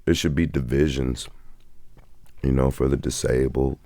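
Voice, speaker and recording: A man with an extremely low voice speaks in a relaxed, halting way, pausing on fillers. The sound is dry and close. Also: dry recording. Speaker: podcast co-host. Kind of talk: casual round-table chat.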